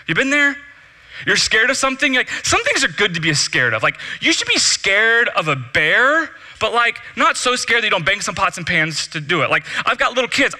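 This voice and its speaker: A pastor delivers his sermon as a lively, humorous story, slipping into the voices of the people in it. His voice is high for a man and strikingly bright and forceful. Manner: humorous storytelling with acted-out dialogue.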